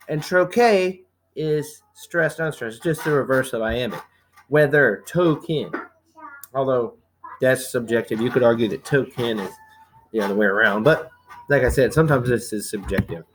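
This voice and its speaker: A man's voice: medium pitch, slight background noise. A man teaching a recorded slide lecture at home, casual and chatty, reading examples aloud. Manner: casual, chatty, with asides to a child.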